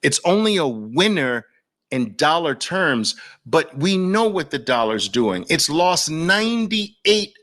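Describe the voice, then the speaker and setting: This host, who has a Brooklyn New York accent, speaks to camera in an impassioned, sermonizing way, repeating points to drive them in. His fairly high voice is sing-song, slow, and a bit bright.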